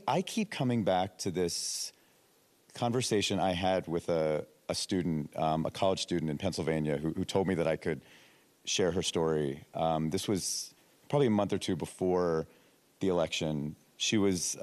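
Low-voiced male journalist in a hall. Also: lively intonation, a little mellow. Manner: halting, with many restarts. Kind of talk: panel discussion. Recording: long hall reverb.

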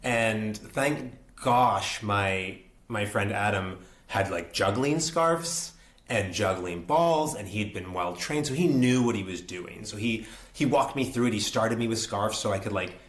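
A young adult man telling an animated story as an interview guest, acting out quotes and laughing often. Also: on the low side, unhurried, reverberant. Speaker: actor and guest.

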